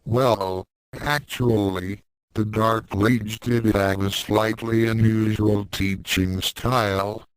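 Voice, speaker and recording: Male narrator, calm measured story reading, low voice, unhurried, dry close sound. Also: clean tone, no room sound, poor audio. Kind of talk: fan fiction audiobook reading.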